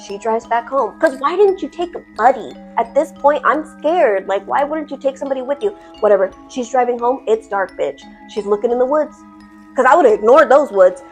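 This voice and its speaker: A woman's voice: fairly high pitch, lively intonation, a little fast, hardly any pauses, soft background music. A woman telling a horror story in casual storytime style, chatty, dramatic and full of swearing.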